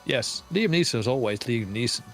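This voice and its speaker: A man chatting casually on a stream, his pitch sitting mid-range. He laughs easily and hunts for words as he talks. Faint music plays behind him. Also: animated, a little fast, fairly bright tone. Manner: laughs often, fumbles for words.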